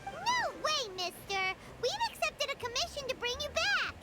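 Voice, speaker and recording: A woman voicing a tiny, chirpy fairy companion girl in a video game, excitable and referring to herself in the third person. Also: very high voice, moderate pace, loud music behind the voice. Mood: cheeky.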